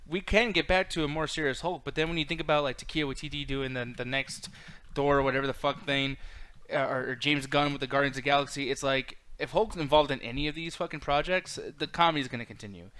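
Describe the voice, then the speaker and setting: Quick talking guy cohosting a pop culture show, bright crisp voice, swears a lot. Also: a little high. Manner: fast, emphatic, swears a lot, reads chat comments aloud. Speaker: podcast co-host. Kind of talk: casual pop-culture chat.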